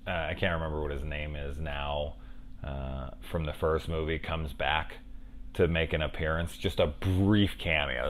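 A middle-aged man casually reviewing a horror film, rambling into profane, chatty asides. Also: rumbling low.

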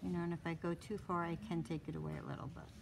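Low, gravelly woman teaching as she draws. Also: flat delivery, rapid-fire, background noise. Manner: thinks aloud while working, coaxing, repeats short cues. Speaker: drawing instructor. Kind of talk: live drawing demonstration. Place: classroom with a small audience.

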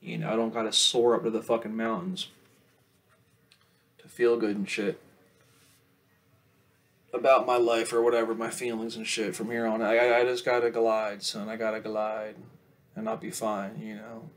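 A young man rambling casually to camera in a profane vlog, swinging between loud outbursts and low mumbles. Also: level tone, normal speed, pauses often. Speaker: vlogger.

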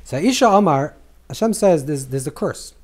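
A rabbi lecturing a live group on mystical teachings, his voice sitting a little high for a man. He talks animatedly, stumbling over repeated words and leaping up or dropping low as he acts out scripture dialogue. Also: normal speed. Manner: animated, repeats words while searching for phrasing; acts out scripture dialogue with swings in pitch and volume.

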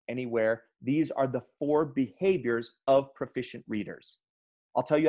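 Energetic man giving a teacher training talk. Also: mid-range voice. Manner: energetic, emphatic storyteller; addresses audience as "guys". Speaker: education speaker.

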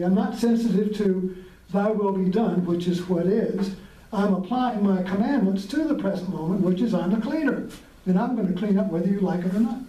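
A man's voice: high-pitched, mellow. A man hosting a casual spiritual talk, reflective and rambling, chuckling often as he explains. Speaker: podcast host. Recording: roomy sound from a distant mic.

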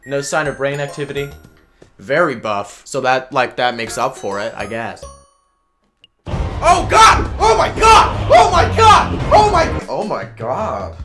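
A man's voice: mid-range voice, lively intonation, normal speed, fairly bright tone, close to an everyday voice. A man playing a frantic divorced mom. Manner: rambling, flustered, bursts into shrieks. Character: frantic newly divorced mother hunting her son. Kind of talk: comedic role-play over gameplay. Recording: roomy sound with game music.

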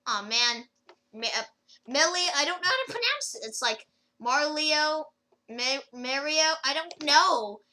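A woman's voice: high-pitched, animated, unhurried, pushed and bright, slight background noise, poor audio. A woman rambling casually through a gameplay video, with lots of fillers and restarts as she comments. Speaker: gaming video creator.

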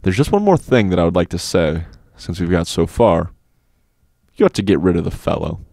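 A man voicing a self-assured older schoolboy who speaks softly and with measured calm. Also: low voice, vocal fry, no echo, studio quality, full character voice. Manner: measured, soft, unhurried.

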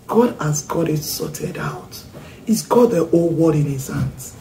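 A woman's voice: sits low, unhurried, warm tone, slight background noise. A woman giving an earnest devotional message as a Christian speaker, talking emphatically to her listeners. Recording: roomy echo with faint ambience.

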